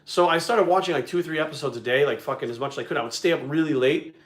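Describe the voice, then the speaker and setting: A man telling a story in casual chat, animated and full of swearing. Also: on the high side, rapid-fire. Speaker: video creator and host. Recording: echoey room.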